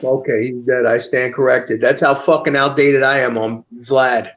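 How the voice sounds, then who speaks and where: A man guesting on a live chat stream, crude and quick with quips. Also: medium pitch, steady tone, a bit bright, muffled recording. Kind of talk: casual chat.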